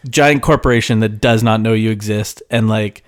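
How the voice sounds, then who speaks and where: A man's voice: on the low side, fairly even intonation, normal speed, no echo. Blunt man with a dry, close sound. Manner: blunt, profane, offhand. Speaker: podcast co-host. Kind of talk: casual chat.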